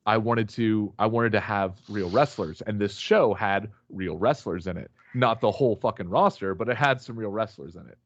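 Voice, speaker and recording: A man's voice: lowish voice, moderate pace, few pauses, no room sound, muffled recording. A man guest on a remote call, telling a rambling, swear-filled story with many fillers and restarts. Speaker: podcast guest, wrestler. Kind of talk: casual storytelling chat.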